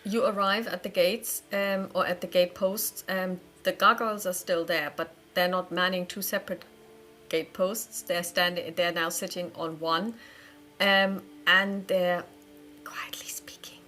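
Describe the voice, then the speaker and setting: Low-voiced woman game master. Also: steady tone, a little slow, pushed and bright, soft background music. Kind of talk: narrating a tabletop game.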